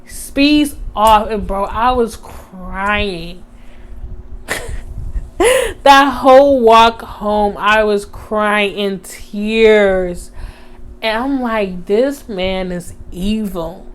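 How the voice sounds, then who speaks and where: A young woman, telling a storytime on her vlog in casual chat, animated, with many fillers, acting out the voices of others. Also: mid-range voice, very slow, clear, resonant tone. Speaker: vlogger.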